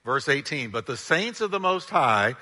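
A male pastor preaching a sermon with animated delivery, drawing the congregation into call-and-response. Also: medium pitch, moderate pace, long reverb tail.

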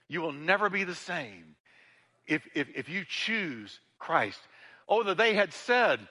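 Bright-voiced pastor preaching in a reverberant hall. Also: male voice, a little high, sing-song, moderate pace. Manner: dramatic, swings between loud emphasis and hushed intimacy; repeats words when building emphasis. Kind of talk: sermon. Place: church sanctuary.

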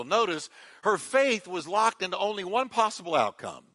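Pastor, male, high bright voice, emphatic repetitive sermon delivery with call-and-response. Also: very animated, moderate pace.

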